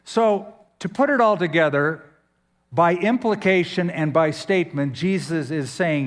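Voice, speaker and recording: Pastor guy preaching slow, kinda high voice, big reverb like a church hall. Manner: emphatic preaching with dramatic pauses and sudden pitch swings. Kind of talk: sermon.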